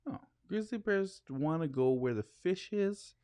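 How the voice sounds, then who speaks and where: A man from Canada co-hosts a podcast in playful, casual banter. His pitch swings widely as he talks, and the recording sounds dry with no room echo. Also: animated, unhurried, dark tone, clean tone. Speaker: podcast co-host. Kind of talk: casual chat.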